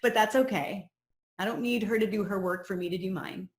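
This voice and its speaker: A woman's voice: mid-range voice, a little fast. A woman coach leading a personal growth course, sharing her own story in an earnest, reflective teaching talk. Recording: roomy echo.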